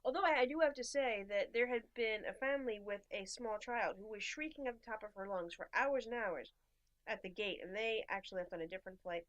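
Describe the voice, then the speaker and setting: A woman's voice: medium pitch, a little fast, a bit bright, lo-fi sound. A young American woman co-hosting a podcast, telling a travel story in casual chat and acting out the dialogue. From USA. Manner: chatty storyteller, acts out dialogue in quoted voices. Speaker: podcast co-host.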